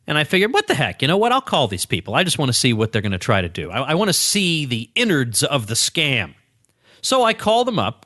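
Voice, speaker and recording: A man hosting a podcast from his small home office, telling a story in a playful, animated way. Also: mid-range voice, dry recording, studio quality. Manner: lively, playful, animated retelling with laughs. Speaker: podcast host. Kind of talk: casual storytelling monologue. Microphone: studio microphone.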